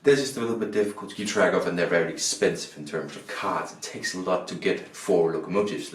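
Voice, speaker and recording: Rambling low-voiced board game reviewer. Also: male voice, reverberant. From Denmark. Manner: rambling, self-correcting, repeats words. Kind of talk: casual review with rules walkthrough.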